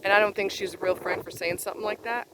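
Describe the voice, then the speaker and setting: A woman's voice: medium pitch, steady tone, fast, noisy background. A woman vlogger delivering a heated, profane personal rant in a blunt, exasperated way.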